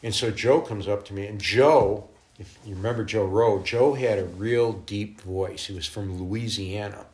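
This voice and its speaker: A middle-aged guest minister shares stories in a casual interview, acting out quotes and laughing often as an animated storyteller. He speaks at a measured pace in a fairly low-pitched voice.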